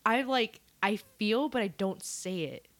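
A woman's voice: mid-range voice, a little slow, no room sound. A woman hosting a casual podcast chat, effusive and giggly, saying "dude" often. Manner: warm, effusive and giggly, using "dude" a lot. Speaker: host.

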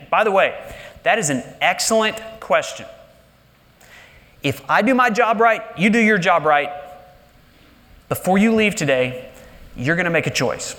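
High-voiced animated preacher, church reverb. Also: male voice. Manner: animated preaching, dropping low and slow for emphasis. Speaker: pastor. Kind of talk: sermon. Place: large church sanctuary. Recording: live church hall reverb.

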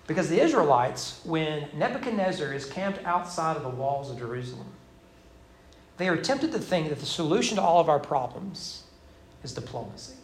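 A man's voice: on the high side, sing-song, normal speed. Man preaching in an echoey church. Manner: preaching with emphatic rhetorical questions. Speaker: pastor. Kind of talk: sermon. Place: church sanctuary.

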